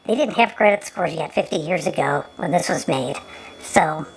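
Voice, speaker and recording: Woman, gravelly voice, sarcastic commentary, repeats words, faint background noise. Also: deep voice, normal speed, low-quality recording. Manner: mocking, repeats words often.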